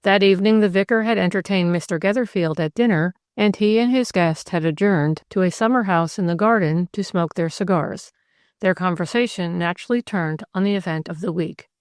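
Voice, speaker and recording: A woman's voice: on the low side, smooth, no room sound, clean studio sound. Woman narrating a classic mystery audiobook. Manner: measured, even storytelling.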